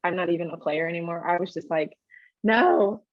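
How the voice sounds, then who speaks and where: Young female coach on a podcast, low-ish voice, relaxed, muffled dry audio. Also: very fast, no room sound. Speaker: basketball coach and podcast co-host. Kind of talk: casual chat. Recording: dull, lo-fi sound.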